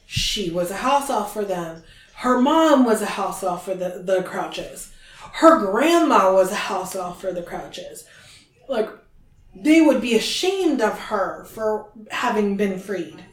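Woman chatting in an echoey room. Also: mid-range voice. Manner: animated retelling. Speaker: podcast host. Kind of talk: casual book-discussion chat. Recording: roomy echo.

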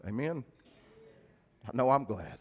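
A man's voice: medium pitch, expressive, unhurried, slightly rough, dull audio. A middle-aged man preaching a sermon, talking straight to his congregation in a folksy way. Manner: folksy, talks to congregation directly.

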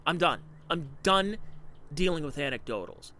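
A man's voice: on the high side, animated, moderate pace, pushed and bright, a little hiss or hum. A man giving sarcastic, ranting opinion commentary.

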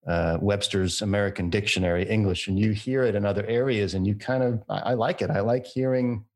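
A man's voice: lowish voice, steady tone, a little fast, darkish tone. A man who works in voiceover, chatting and telling stories. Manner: chatty anecdotal storyteller. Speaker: voiceover artist, podcast guest. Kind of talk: casual chat.

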